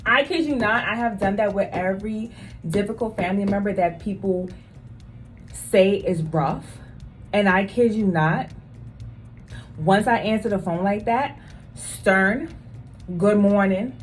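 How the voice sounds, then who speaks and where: A woman who works as a nurse, talking straight to her viewers in an emphatic, casual storytelling vlog. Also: medium pitch. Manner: emphatic, talks straight to viewers, repeats phrases for stress.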